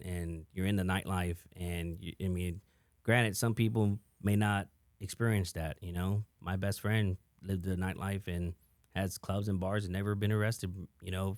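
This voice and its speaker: A man's voice: deep voice, darkish tone, dry recording, clean studio sound. A middle-aged man from San Antonio speaking as a podcast guest, talking frankly and restarting his sentences, with lots of "you know.". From San Antonio, Texas. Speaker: podcast guest, event entrepreneur. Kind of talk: candid conversational interview.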